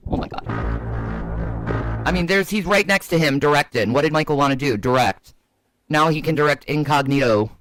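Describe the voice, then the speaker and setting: A man co-hosting a casual chat, talking in an excitable, conspiratorial way. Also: on the high side, moderate pace, pauses often, over music. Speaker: podcast co-host.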